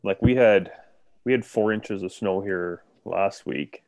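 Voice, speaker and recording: Low-voiced laid-back man, dry sound. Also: unhurried, gravelly, a little mellow, no room sound. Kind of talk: casual podcast chat.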